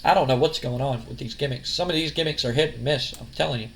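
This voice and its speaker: A man's voice: medium pitch, quick pace, creaky. A man giving casual, rambling let's-play commentary as a gaming channel host. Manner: rambling, full of fillers and restarts.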